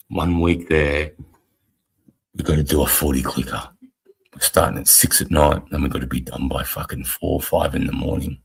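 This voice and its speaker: A man's voice: extremely low pitch, steady tone, normal speed, gravelly, husky. A man in his forties with an Australian accent, an army veteran telling blunt, profane war stories in casual rambling talk. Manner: blunt, swears constantly, rambling storyteller. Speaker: army veteran and stream co-host.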